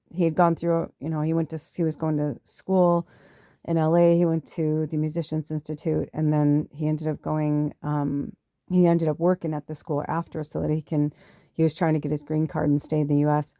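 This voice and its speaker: A woman's voice: dark tone, no echo. Middle-aged woman, podcast host, chatty storytelling, casual swearing, dry close sound. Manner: chatty, swearing, acts out quotes in a higher voice. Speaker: podcast host, spiritual medium.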